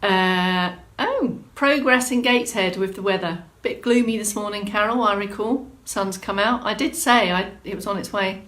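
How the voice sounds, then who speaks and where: A woman's voice: medium pitch, moderate pace, few pauses, fairly bright tone. A woman exercise instructor hosting a live-streamed movement class, chatting through viewer comments and giving encouraging prompts. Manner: encouraging, gives clear prompts.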